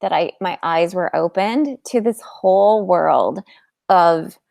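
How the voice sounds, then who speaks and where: Woman, low gravelly voice, dry close sound, candid chatty storytelling. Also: takes it slowly, darkish tone, dry recording. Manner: candid, chatty, heavy use of "like". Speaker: fertility coach. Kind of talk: casual personal storytelling to viewers.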